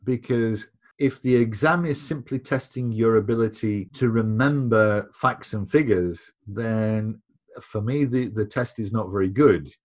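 A man's voice: lowish voice, a little mellow. A man speaking as a podcast guest in casual conversation, emphatic, and repeating words when he presses a point.

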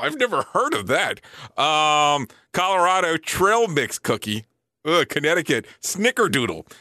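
Lively, bright-voiced male show host. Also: on the high side, no echo, clean studio sound. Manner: reads lists briskly and breaks off with surprised, joking remarks. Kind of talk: casual list-reading show with asides.

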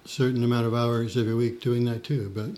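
A man's voice: medium pitch, level tone, fairly quick, a little mellow. An older retired man, a guest in an interview, talking in an easygoing, plain way. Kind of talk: casual conversational interview.

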